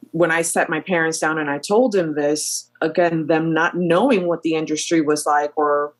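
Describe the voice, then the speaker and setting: Woman in her thirties, airline captain, animated storyteller, lots of ums, lowish voice. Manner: animated storyteller, full of fillers. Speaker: airline captain, podcast guest. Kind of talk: storytelling interview chat.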